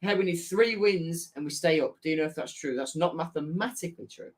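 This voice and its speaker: A man's voice: a little high, a little fast. A young man with a Hull accent hosting a casual football live stream, chatting and reading out viewer messages. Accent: Hull, Yorkshire. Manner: chatty, reads out chat messages, self-correcting. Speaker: football fan channel host.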